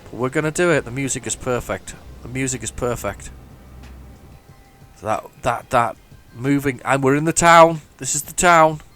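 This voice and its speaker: A man's voice: mid-range voice, normal speed, sharp tone, soft background music. A man giving chatty, mock-heroic commentary while playing a driving game. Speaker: gaming channel host. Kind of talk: casual gameplay commentary.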